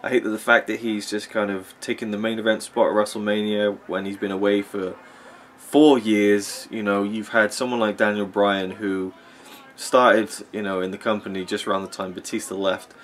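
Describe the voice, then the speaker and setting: Watching a match, this wrestling vlogger offers opinionated, rambling commentary in a lowish, flat voice, forgetting his points, returning to them, and padding gaps with ums and you-knows. Faint room hum sits in the background.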